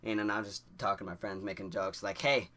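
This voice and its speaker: A man's voice: fairly low pitch, fast talker. A young man telling a story to camera in a casual, rambling way, full of "like" fillers and restarts. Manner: animated, laughing through the story. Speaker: vlogger.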